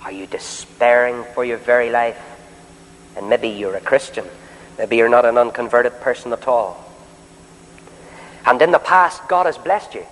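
A man preaching a sermon in a meeting hall, swinging between loud, drawn-out declarations and soft, pleading questions aimed straight at the listeners. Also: medium pitch. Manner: addresses listeners directly with questions. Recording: long hall reverb.

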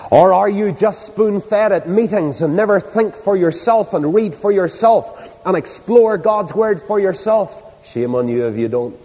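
A preacher with a high, ringing voice delivers an impassioned sermon to a large congregation. He surges into loud exhortation, then drops to a hushed appeal. His words trail off into the long reverb of a big hall. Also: unhurried, hardly any pauses.

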